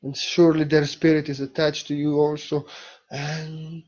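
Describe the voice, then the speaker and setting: A man giving a spiritual talk, speaking softly and reflectively with halting pauses, on a dull lo-fi recording. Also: on the high side, flat delivery, a little hiss or hum.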